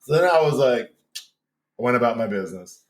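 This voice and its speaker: A man with a New York accent, a podcast guest telling a story loudly and campily, laughing often. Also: medium pitch, lively intonation, brisk. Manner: loud, campy, laughs often. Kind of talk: animated storytelling.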